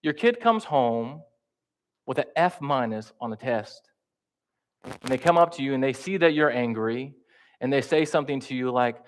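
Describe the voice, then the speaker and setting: A man's voice: medium pitch, expressive, normal speed. A man preaching in a church, talking conversationally and with humor, acting out the quotes he tells. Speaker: pastor teaching a class. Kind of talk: sermon.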